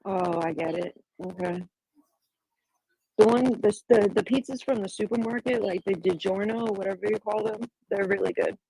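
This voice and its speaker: A chatty woman on a casual livestream who keeps asking quick questions. Her voice is gravelly and husky, and it is recorded dry and close. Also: mid-range voice, mellow, dry recording, rough recording. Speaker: livestream guest.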